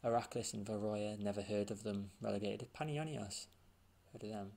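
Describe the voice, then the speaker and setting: A man's voice: fairly low pitch, fairly even intonation, normal speed, creaky, mellow. A man giving casual gameplay commentary, thinking aloud and muttering as he reads results off the screen. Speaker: gaming channel host.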